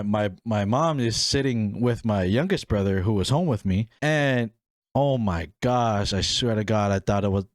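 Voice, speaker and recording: A man's voice: medium pitch, dry recording, studio quality. A young man hosting a podcast and telling a family story in a casual way. He talks with animation and acts out the people in it, raising his voice for them. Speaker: podcast host.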